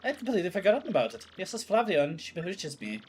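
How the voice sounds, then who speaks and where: A man's voice: sits high, sing-song, very fast, slight background noise, pitched above the performer's own voice. A man voicing a pompous, flamboyant male ship owner who speaks in a grand, theatrical manner. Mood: grandiose.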